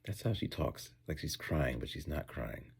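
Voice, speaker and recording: A man's voice: very deep voice, expressive, normal speed, husky. A man who teaches in Japan, chatting casually in a rambling vlog while eating, going off on tangents and acting out voices.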